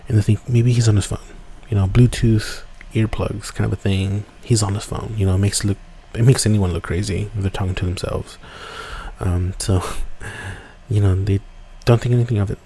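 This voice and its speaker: A man with a low, gravelly, mellow voice tells a story in a loose, casual way. He rambles, restarts his sentences and fills the gaps with "you know." A faint hiss of ambience sits under the voice. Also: fairly even intonation, moderate pace. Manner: rambling, many fillers and restarts. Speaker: podcast host.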